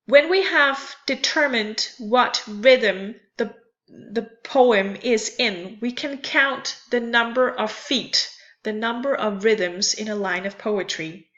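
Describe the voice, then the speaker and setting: Woman, teacher, slow deliberate lecture, crisp bright voice, lo-fi dull recording. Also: a little high. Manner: careful, repeats and spells out terms.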